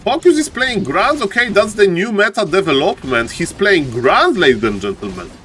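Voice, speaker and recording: Excitable male game caster, higher voice. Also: normal speed, slight background noise. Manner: excitable, repeats phrases, often says "ladies and gentlemen". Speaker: esports caster. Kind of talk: live game commentary.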